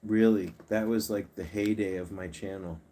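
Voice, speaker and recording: A man with a fairly low voice hosts a casual livestream. He coaxes his pets along and chats easily with the viewers. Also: steady tone, moderate pace, mellow, a little hiss or hum. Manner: coaxing, chatty, talks to his pets and reads viewer comments. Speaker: pet channel host.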